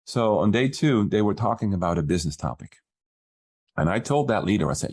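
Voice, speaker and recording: Brief: low-pitched male business coach, relaxed podcast storyteller who voices the quoted dialogue. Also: brisk, slightly rough.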